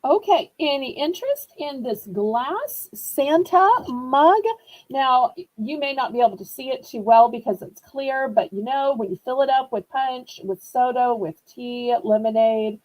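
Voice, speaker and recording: A woman from New Orleans runs a live-stream auction, chatting to her viewers in a sympathetic, talkative way. Her voice sits a little high and has a mellow, darker tone. She takes her time, speaking at a very slow, unhurried pace. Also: poor audio. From New Orleans, USA.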